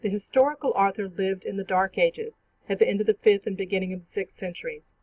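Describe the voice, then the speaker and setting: A teacher giving a clear, measured, scripted narration for an online literature lesson. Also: medium pitch, fairly even intonation, darkish tone, no echo, lo-fi sound. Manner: clear, measured explanatory reading.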